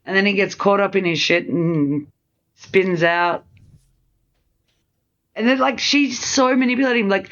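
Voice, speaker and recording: An Australian woman co-hosting a podcast, chatting casually about a film and acting out lines from it with animated energy. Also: mid-range voice, a little slow, long pauses. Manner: animated, acts out characters' lines. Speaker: podcast co-host. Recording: slightly dull lo-fi sound.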